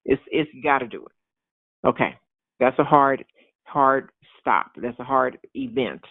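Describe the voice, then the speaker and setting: Animated preacher man on a tinny line. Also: mid-range voice, slow pace, dry recording. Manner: animated, repetitive, acts out excited voices. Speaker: pastor. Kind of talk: informal sermon. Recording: tinny phone-like sound.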